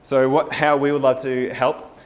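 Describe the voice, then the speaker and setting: A man giving an energetic, persuasive presentation at a forum, firing rhetorical questions at the audience. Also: medium pitch, moderate pace. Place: live talk at a farming forum.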